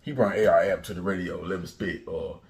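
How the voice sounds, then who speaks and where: A man hosting a commentary channel, ranting and taunting loudly, often jumping into a high mocking pitch. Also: steady tone, fairly quick, creaky, far from the mic.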